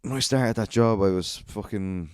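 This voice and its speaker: Low-voiced sweary Irish man. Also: normal speed, darkish tone, clean tone, no echo, studio quality. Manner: sweary, rambling, sardonic. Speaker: podcast host. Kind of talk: solo podcast storytelling.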